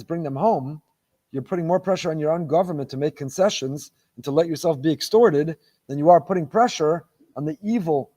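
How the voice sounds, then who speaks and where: A man's voice: sits high, darkish tone. A middle-aged man, a rabbi giving a Torah lecture, who talks emphatically and repeats phrases for stress.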